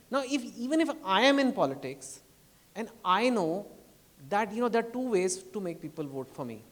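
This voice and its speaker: A man's voice: fairly high pitch, big-room sound. A man with an Indian English accent giving an impassioned public speech at a book launch, pleading and rising to emphatic outbursts. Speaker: author speaking at a book launch. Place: event hall.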